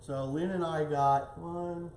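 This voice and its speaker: A man with a slightly high voice hosts a relaxed home cooking show, chatting away as he plates and tastes. His voice rings around an echoey kitchen with a faint hiss underneath. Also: takes it slowly. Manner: chatty, talks while tasting and plating. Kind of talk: casual cooking demonstration.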